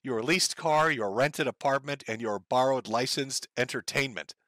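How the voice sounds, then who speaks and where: A man's voice: medium pitch, moderate pace, a bit bright, no room sound. A man ranting profanely and sardonically on a casual live stream, reading out viewer donations from his home computer setup on a close desk mic.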